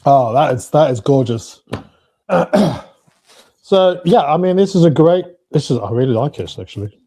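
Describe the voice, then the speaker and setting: A man's voice: on the high side, expressive, moderate pace, dark tone. A man from the UK chatting casually on a call, explaining wine tasting notes with many fillers and restarts. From United Kingdom. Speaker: guest on a watch talk show. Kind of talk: casual chat on a video call.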